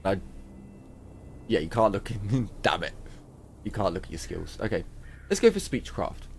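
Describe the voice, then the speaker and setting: A man's voice: lowish voice, expressive, normal speed, vocal fry, slight background noise. A man giving casual game commentary with muttered asides and a frog in his throat. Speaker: gaming video host. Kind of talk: let's play commentary.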